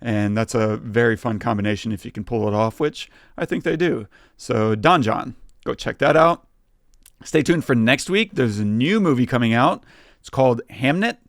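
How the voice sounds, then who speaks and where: A man with a gravelly, fry-laced voice chats easily about films on a podcast. His mid-pitched delivery is loose and relaxed, and the close mic sounds dry with no room around it. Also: normal speed, dry recording. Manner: relaxed, lots of fillers and laughs. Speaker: podcast co-host. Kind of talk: casual chat.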